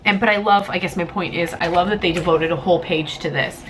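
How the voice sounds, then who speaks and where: A woman's voice: fairly low pitch, fast, noisy background. A young woman reviewing a comic in a casual vlog, rambling and emotional, close to tears. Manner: emotional, rambling, tearful at times.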